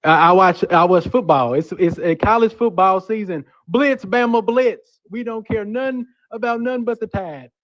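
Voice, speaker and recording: A man's voice: high-pitched, normal speed, few pauses, fairly bright tone, muffled recording. A man calling into a livestream, joking around in a mock-indignant way. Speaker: caller. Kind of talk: casual call-in banter.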